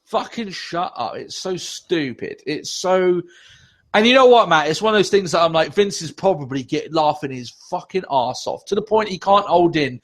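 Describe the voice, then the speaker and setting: A man on a casual podcast, ranting and swearing with heavy sarcasm. His voice sits a touch high and swings widely in pitch as he gets worked up. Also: animated, normal speed. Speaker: podcast co-host.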